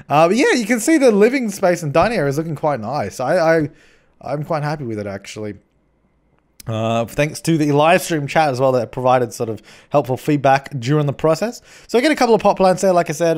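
Chatty young man, higher-pitched. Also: darkish tone. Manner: chatty, rambling, self-mocking, frequent restarts. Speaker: game channel host. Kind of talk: voice-over commentary on a building game.

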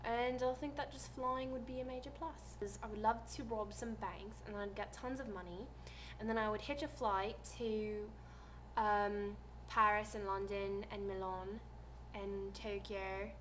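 A seventeen-year-old girl from the United States chats casually on her vlog. She rambles softly, her voice trailing quietly at the ends of thoughts. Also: medium pitch, fairly even intonation, a little slow, slight background noise. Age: teens. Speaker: vlogger.

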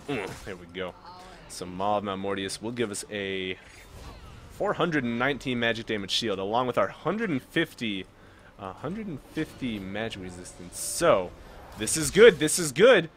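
Excitable young man yelling at his game. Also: mid-range voice, slight background noise. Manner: excitable, swings from calm chatter to yelling at the game. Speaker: gameplay commentator. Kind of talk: casual gameplay commentary.

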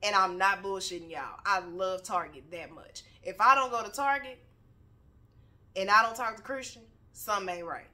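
Bright-voiced blunt motivational woman. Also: mid-range voice, moderate pace. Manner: blunt, preachy, swears freely. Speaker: motivational speaker. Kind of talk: candid motivational talk. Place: home, on a couch.

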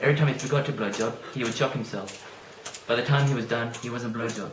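A man's voice: mid-range voice, fast. A young man joking and laughing in casual banter on set. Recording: distant echoey mic with loud noise.

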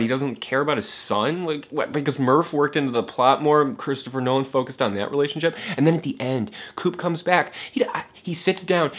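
A film vlogger with a slightly high, slightly rough voice rants casually to camera about movies. He talks fast, swears a lot and is scornful, full of fillers and restarts, mocking characters he dislikes in a raised voice.

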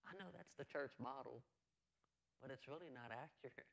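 A man's voice: mid-range voice, moderate pace, creaky, a bit bright. A male pastor preaching a sermon in an earnest, conversational way, repeating phrases and adding asides.

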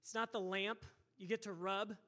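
A male pastor delivers a lively sermon in a church. His voice sits high and sounds bright and forceful. He drives his points home with emphatic repetition and rhetorical questions. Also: normal speed. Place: church sanctuary.

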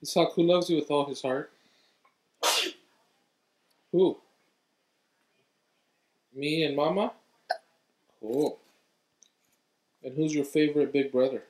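A father chatting at home with his young sons, asking gentle questions and encouraging them. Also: fairly high pitch, slow, pauses often. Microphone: home video camera.

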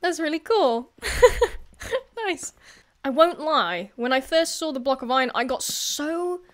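A woman giving casual gameplay commentary as a YouTuber, chatty and excitable, laughing often and talking to the creatures on screen. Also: high-pitched, a little slow. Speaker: gaming YouTuber.

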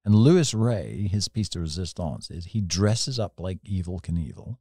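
A middle-aged English man with a low, mellow voice spins an anecdote in excited bursts. He speaks into a close mic in a dry, dead room. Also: a little slow, breathy edge, dry recording. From England. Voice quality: animated, tells stories in rising bursts. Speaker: podcast guest, storyteller. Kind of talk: casual anecdotal storytelling.

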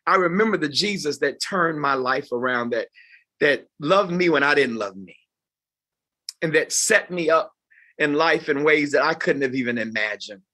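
Fifty-something male pastor, bright and forceful tone, raised pitch, expressive sermon delivery. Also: moderate pace. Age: 50s. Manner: expressive preacher, sweeping from loud highs to quiet lows. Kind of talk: closing sermon to volunteers. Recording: live talk before a group.

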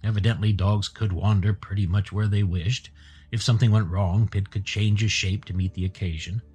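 A man narrating an audiobook in a steady storytelling manner. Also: fairly low pitch, moderate pace, breathy edge.

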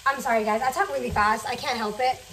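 Young woman rattling off a story while she cooks, high voice, bit of pan sizzle behind. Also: steady tone, a bit bright, recorded from a distance, slight background noise, rough recording. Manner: fast, chatty, swears freely. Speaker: vlogger. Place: home kitchen.

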